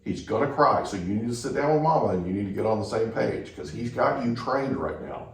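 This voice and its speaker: A man hosting a podcast tells a long story in a low voice, checking in with "right?" at every turn. He sits back from the mic in a very echoey room, with a faint hiss behind him. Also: animated, a little fast, a little mellow, distant mic. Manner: anecdotal, keeps checking in with "right?". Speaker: podcast host. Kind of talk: casual storytelling chat.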